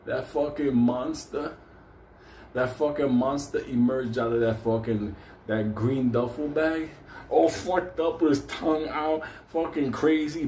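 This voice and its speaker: A man tells a wild story in loose, swear-filled talk, breaking into laughter along the way. His voice is dark and mellow. The sound bounces around a roomy space. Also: mid-range voice, slight background noise. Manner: profane, laughing, animated. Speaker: host. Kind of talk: casual storytelling. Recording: roomy echo.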